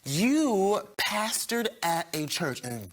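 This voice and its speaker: A man in his thirties from South Carolina, a talk show host telling a personal story, animated, with bursts of high laughter. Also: takes it slowly. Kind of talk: emotional storytelling.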